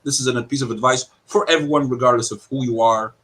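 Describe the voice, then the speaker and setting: Aggrieved, fast-talking British-born man. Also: medium pitch, fairly even intonation, a bit bright, low-quality recording. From Britain. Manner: aggrieved, fast, halting with repeated restarts. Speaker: guest. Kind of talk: online panel discussion.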